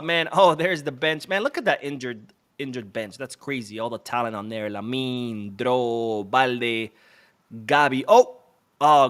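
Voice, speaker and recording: A man's voice: medium pitch, a bit bright. A man hosting a live match watch-along stream, chatty and self-deprecating as he calls the play and reads viewer comments aloud.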